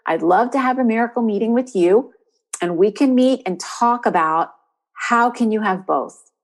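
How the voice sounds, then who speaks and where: A woman's voice: on the high side, lively intonation, moderate pace. A woman who is a spiritual coach and podcast host, giving an encouraging inspirational monologue and repeating questions for emphasis.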